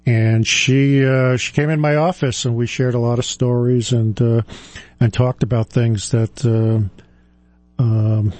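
A man in his sixties with a warm, mellow tone and a dry, close sound. He speaks as a financial advisor, reflective and halting, often pausing on fillers and starting over. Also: medium pitch, steady tone, dry recording. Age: 60s. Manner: halting, with frequent fillers and restarts. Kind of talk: reflective personal talk.

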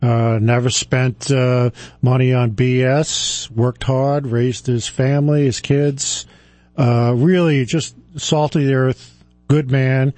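A man in his sixties with a warm, mellow tone and a dry, close sound. He speaks as a financial advisor, reflective and halting, often pausing on fillers and starting over. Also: medium pitch, fairly even intonation, no echo. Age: 60s. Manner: halting, with frequent fillers and restarts. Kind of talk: reflective personal talk.

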